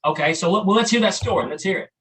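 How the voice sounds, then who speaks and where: A man's voice: high voice, very fast, fairly bright tone, breathy edge. A man hosting a podcast interview, folksy and hesitant with lots of fillers. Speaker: podcast host. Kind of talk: casual interview chat.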